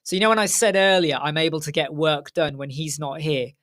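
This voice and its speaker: A man's voice: a little high, fairly even intonation, fairly quick, fairly bright tone. A middle-aged man hosting a casual live Q&A stream from home, talking frankly and straight to his viewers. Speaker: host.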